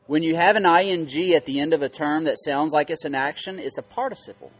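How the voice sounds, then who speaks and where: Male pastor, slightly raised pitch, teaching scripture with strong stress and questions to the room. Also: quick pace. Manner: emphatic, repeats key words and quizzes listeners. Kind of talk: interactive Bible teaching.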